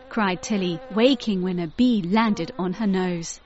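A woman reading a children's storybook aloud, slow and clear, mixing in words from another language. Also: fairly low pitch, a little mellow, slight background noise. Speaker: storybook reader. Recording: dull lo-fi dry recording.

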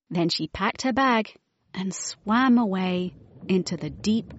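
Woman reading a kids storybook, slow and expressive, kinda dull recording. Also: mid-range voice, a little hiss or hum. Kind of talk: children's storybook read-aloud.

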